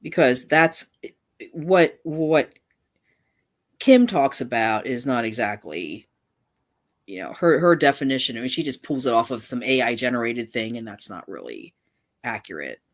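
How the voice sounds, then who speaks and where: A woman's voice: rumbling low, very animated, measured pace. A middle-aged woman hosting a casual livestream, talking in a rambling way with many restarts and asides. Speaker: channel host.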